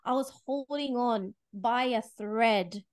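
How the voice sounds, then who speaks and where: Woman, slightly high voice, earnest faith testimony, emotional, animated. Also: slow pace. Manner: earnest and emotional, laughing through tears. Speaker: podcast guest.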